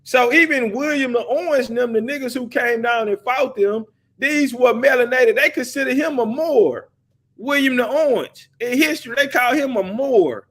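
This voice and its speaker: A man's voice: very high-pitched, animated, moderate pace, a bit bright. A male show host in a heated debate, arguing hard, talking over his guest in slangy speech. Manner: argumentative, talks over the other man, slangy.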